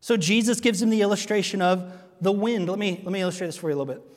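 A man's voice: high voice, quick pace, a little mellow, big-room sound. A man preaching a sermon in a church sanctuary, earnest and asking the congregation rhetorical questions. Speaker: pastor.

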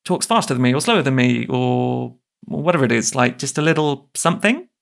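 Male guest, middle pitch, gravelly texture, loose rambling delivery. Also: animated, fairly quick. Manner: rambling, fills with "like". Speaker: podcast guest, tabletop player. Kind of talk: casual group discussion.

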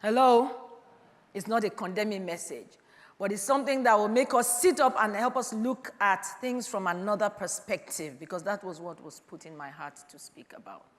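A woman in her fifties preaching a sermon, calling out to her listeners and swinging between loud urging and quiet reflection. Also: mid-range voice, moderate pace. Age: 50s. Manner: calls out "Hello?" to the congregation, swings from loud to quiet. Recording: long hall reverb.

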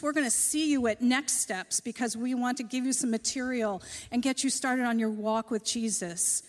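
A woman preaches to a church congregation, telling a personal story with gentle self-deprecating humor. Her voice sits fairly high. The sound carries the long reverb of a large church hall. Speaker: church speaker.

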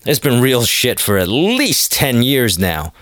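A man's voice: mid-range voice, very animated, takes it slowly, fairly bright tone, no room sound, studio quality. Rambling, self-mocking male podcast host. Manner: rambling, self-deprecating, sarcastic. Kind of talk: casual solo podcast rant.

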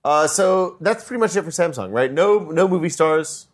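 A man's voice: fairly high pitch, lively intonation, normal speed. A man hosting a tech podcast in casual chat, joking and teasing, with a hesitant, filler-heavy delivery. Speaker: podcast host.

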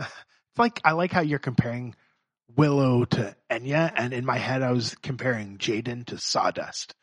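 A man's voice: mid-range voice, normal speed, a bit bright, breathy edge, no room sound. A man co-hosting a casual comedy chat, laughing often and chiming in with short remarks. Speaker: podcast co-host.

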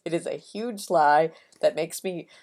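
A woman co-hosting a comedy podcast, a barista who chats casually with self-deprecating, deadpan asides. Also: deep voice, a little slow, vocal fry.

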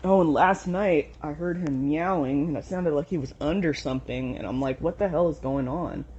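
A woman's voice: sits low, normal speed, a little mellow, a little hiss or hum. Young woman, casual vlog rant, swears a lot, muffled home recording. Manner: frustrated, swears often, rambling. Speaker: vlogger. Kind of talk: casual venting monologue.

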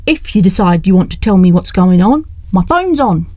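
A woman's voice: medium pitch, lively intonation, moderate pace, dry recording, lightly acted. A woman voicing a fiery, frustrated young woman who talks back indignantly. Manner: indignant, sharp-tongued. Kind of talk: audiobook character reading.

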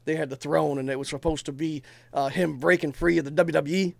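A man's voice: a little high, fairly quick, gravelly, no echo. A man in his thirties co-hosting a casual chat, talking emphatically, swearing and telling stories with energy. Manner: emphatic, swearing, animated storytelling. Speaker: podcast co-host.

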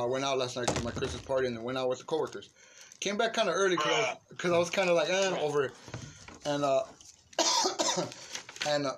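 Profane, animated man telling a story. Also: fairly high pitch. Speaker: storyteller among friends. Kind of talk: casual chat. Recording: noisy room recording.

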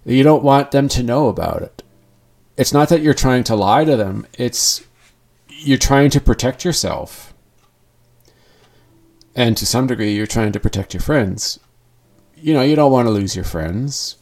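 A man's voice: medium pitch, expressive, measured pace, long pauses, a little mellow. A man speaking candidly in a personal monologue, earnest and rambling, often restarting his sentences.

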